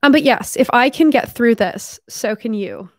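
A woman's voice: fairly high pitch, lively intonation, normal speed, dry recording, clean studio sound. A young woman live streaming in casual chat, talking a lot with "like" and casual swearing, her voice tiring from hours of talking. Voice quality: chatty, lots of "like", casual swearing.

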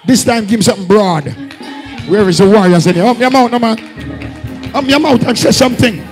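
A Jamaican man leading a fiery Pentecostal service, shouting repeated calls to the congregation. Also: high voice, fast talker, soft background music, rough recording. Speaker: apostle leading a church service. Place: church hall during a live service.

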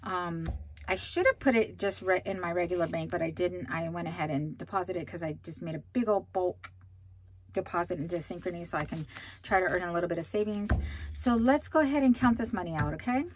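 A woman's voice: on the low side, brisk, a little hiss or hum. A woman hosting a budgeting vlog, chatting casually with many fillers while counting out cash. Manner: bubbly excited exclamations.

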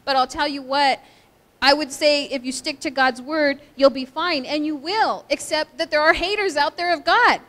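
A woman's voice: sits high, moderate pace, fairly bright tone. A woman pastor preaching a sermon, direct and exhorting, asking her listeners for responses. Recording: long hall reverb.

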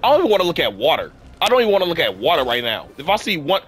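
A young male gaming YouTuber rants in exasperation while commenting on a game he's playing, leaning heavily on the word "freaking." He sounds sick and a little worn, talking fast with barely any pauses in a medium-pitched, fairly bright voice that swoops wildly. Faint music plays in the background.

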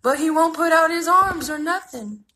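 A woman's voice: extremely high pitch, normal speed, sharp tone, voice pushed up. A woman voicing a timid, dim little male store clerk who whines in a weepy voice. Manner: weepy, whiny.

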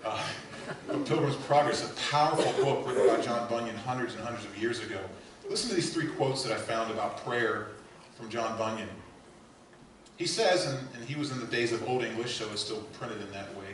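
A male pastor preaching a sermon, swinging between loud emphatic lines and quiet hushed asides. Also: mid-range voice, a little fast, slight background noise. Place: church sanctuary. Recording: echoey church hall heard from a distance.

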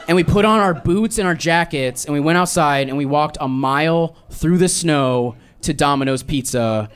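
A man in his thirties performing a stand-up set, telling a story in a dry, deadpan way and slipping into exaggerated voices for quotes. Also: on the high side, normal speed, clear, resonant tone. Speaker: stand-up comedian. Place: live comedy club with audience laughter. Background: audience laughter.

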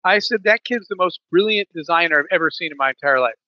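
A man's voice: fairly high pitch, expressive, quick pace, dull audio. A man in a podcast interview, telling a business story with many restarts and fillers. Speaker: podcast guest, business leader.

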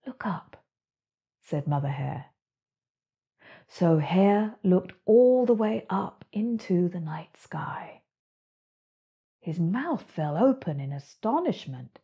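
A woman, the author, reading her own children's book aloud in a gentle, expressive storytelling voice. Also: fairly low pitch, takes it slowly, creaky, long pauses, breathy edge, lo-fi sound.

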